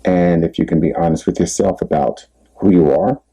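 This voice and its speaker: A man's voice: low voice, normal speed, warm tone, poor audio. A man giving relationship advice in a candid, rambling monologue, laughing at himself now and then. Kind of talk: casual monologue.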